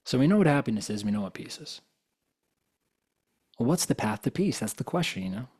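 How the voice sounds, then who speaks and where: A man's voice: mid-range voice, very animated, a little fast, darkish tone, slightly rough. Casual man telling stories on stage. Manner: casual, conversational, acts out quoted dialogue; loose and informal, with fillers like "you know". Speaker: spiritual coach and guest speaker. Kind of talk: live motivational talk with storytelling.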